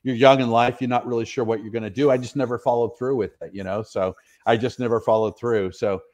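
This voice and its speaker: A middle-aged man from the northwestern US, a retired soldier guesting on a casual interview, talks fast in a mid-range, steady, somewhat dark voice. He rambles through long stories, pokes fun at himself, and fills gaps with lots of fillers.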